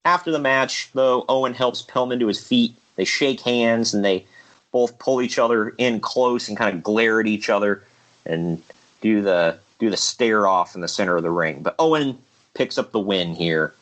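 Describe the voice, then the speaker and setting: In an easygoing, casual way, a show host recaps a figure wrestling league play-by-play. His voice is fairly low and a bit bright at a normal speed, and he laughs at his own bits with an occasional "uh."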